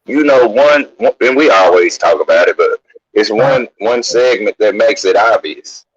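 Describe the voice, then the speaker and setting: A man in casual chat, telling stories in a slangy, profane, animated way. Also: lowish voice, measured pace, breathy edge, dry recording. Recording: dull lo-fi sound.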